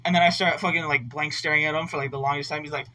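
A man's voice: fairly high pitch, steady tone, rapid-fire, pushed and bright. A young man telling a long story in casual chat, rambling and swearing with constant filler words. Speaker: podcast co-host telling a story. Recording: voice somewhat distant from mic.

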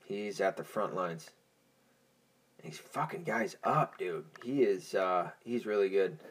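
A man's voice: sits low, lively intonation, slow, breathy edge. A young man hosting a podcast in a casual, profane, rambling monologue, stoned and easily distracted. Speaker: podcast host.

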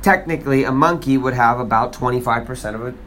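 Man, playful casual chat, mid-pitched, teasing and sing-song, faint hum of the room behind. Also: quick pace, a bit bright. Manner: teasing, sings snatches, repeats words for emphasis.

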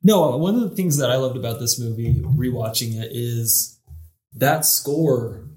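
A man's voice: mid-range voice, a little slow, warm tone, reverberant. A man co-hosting a casual podcast chat, wry and reflective, often restarting his sentences. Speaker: podcast co-host.

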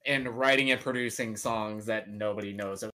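A man's voice: on the low side, steady tone, normal speed, pushed and bright. A man chatting casually on a podcast, rambling and joking with lots of "like" and "uh" fillers. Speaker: podcast co-host. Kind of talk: casual chat.

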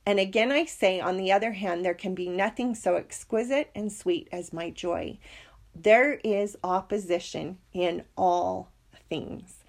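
A woman's voice: mid-range voice, unhurried. A middle-aged woman teaching a scripture lesson, reading verses and sharing a personal story in an earnest, heartfelt way.

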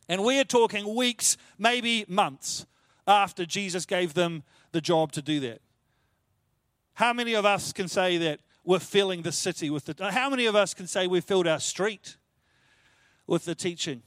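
High-voiced pastor preaching in a dry room. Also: male voice, moderate pace, fairly bright tone, no room sound. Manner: expository, conversational, emphatic with repetition. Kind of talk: sermon. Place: church.

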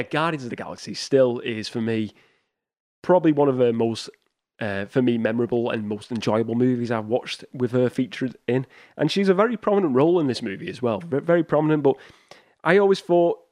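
A man's voice: medium pitch, no echo, studio quality. Chatty man hosting a movie podcast. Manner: rambling, with frequent restarts and chuckles. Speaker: podcast host. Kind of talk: casual solo podcast chat about movies.

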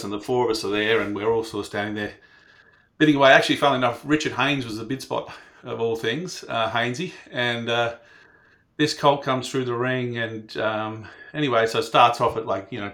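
A man tells a long story in a loose, chatty way. His voice sits at an ordinary middle pitch, and he keeps circling back with fillers and quoted lines from other people. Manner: rambling, animated, filler-heavy anecdote. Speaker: racing industry panelist telling a story. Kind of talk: casual storytelling.

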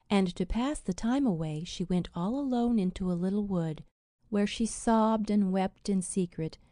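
A woman's voice: medium pitch, no echo, clean studio sound. A woman narrating a fairy tale in storybook style, reading the spoken lines with feeling. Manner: expressive, reads quoted lines with feeling.

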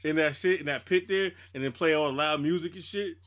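A man's voice: on the high side, brisk. A man co-hosting a podcast, chatting casually and profanely, retelling scenes and quoting his own reactions. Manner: loose, profane, animated retelling with quoted reactions. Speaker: podcast co-host. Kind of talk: casual chat.

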